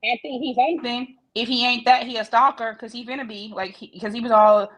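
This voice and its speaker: A woman's voice: on the high side, steady tone, fairly quick, a bit bright. A woman co-hosting a casual talk show, reviewing soap episodes with blunt, sassy, profane banter. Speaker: podcast co-host. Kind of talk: casual chat.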